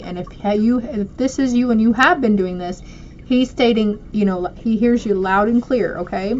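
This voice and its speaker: A woman does an informal spiritual oracle card reading, speaking affectionately and directly to those watching. Her mid-range voice moves at normal speed, and the dull lo-fi audio has a bit of hiss or hum.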